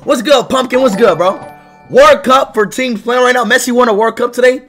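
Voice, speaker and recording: High gravelly shouting young streamer man. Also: moderate pace, faint music behind. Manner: loud, excitable, often shouting at chat. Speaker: livestreamer. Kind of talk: hyped livestream chat.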